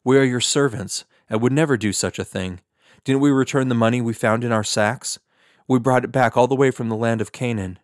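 A man's voice: medium pitch, fairly quick, no room sound, natural voice. Frightened brothers protest their innocence together, read by one man. The delivery is earnest and urgent. The sound is dry and close.

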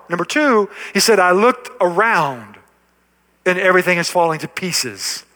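A man's voice: sits high, lively intonation, moderate pace, bright, forceful tone. A man preaching a sermon as pastor, building to emphatic, repeated lines and dropping to a near-whisper at the ends of phrases. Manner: preaching with rising emphasis and repetition. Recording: long hall reverb.

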